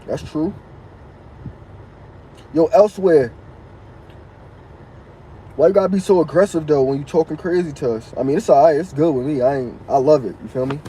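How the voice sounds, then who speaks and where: A man's voice: on the high side, brisk, pauses often, warm tone, a little hiss or hum, rough recording. A man hosting a casual live stream, reading viewers' comments aloud and answering them in loose, slangy street talk.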